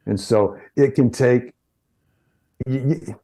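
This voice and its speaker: A middle-aged man with a mellow, warm voice, talking through his experience in an interview. He tells stories freely, restarting phrases and repeating words as he goes. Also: medium pitch, slow. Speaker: chiropractor guest. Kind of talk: interview conversation.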